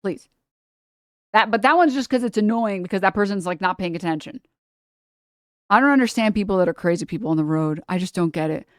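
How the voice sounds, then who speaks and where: Young woman streamer, casual animated rant, close dry mic. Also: mid-range voice, dry recording. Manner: animated ranting, swearing, quick asides. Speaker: livestream host. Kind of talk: casual chat.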